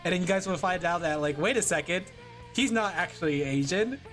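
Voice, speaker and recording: A woman's voice: on the low side, brisk, faint music behind. A woman from California chatting casually on a livestream while drawing, rambling and laughing often. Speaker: VTuber streamer.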